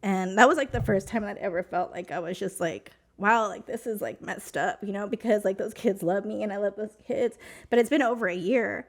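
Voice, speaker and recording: A woman's voice: mid-range voice, fairly quick. Emotional woman telling a personal story. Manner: emotional, chatty, heavy use of "like" and "you know". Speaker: podcast guest.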